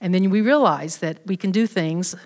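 A woman's voice: lowish voice, moderate pace, darkish tone. A woman giving a personal faith testimony to a group, talking casually with many fillers and restarts. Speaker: speaker at a church women's event. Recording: long hall reverb.

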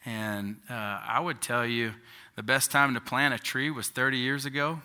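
A man's voice: medium pitch, fairly even intonation, moderate pace, bright, forceful tone, clean tone. A man preaching a sermon as pastor, in a conversational style full of rhetorical questions.

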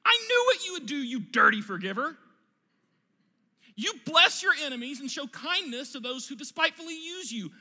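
A man's voice: wildly swooping pitch, fairly quick, gravelly, sharp tone, long reverb tail, full character voice. A man voicing a petulant male prophet who whines and complains like a child in a tantrum. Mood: whiny tantrum. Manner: whiny, shrill complaining.

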